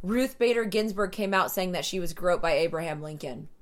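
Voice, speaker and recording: A woman's voice: fairly low pitch, fairly quick. A woman co-hosting a podcast in casual chat, riffing in a crude, mocking way. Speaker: podcast co-host.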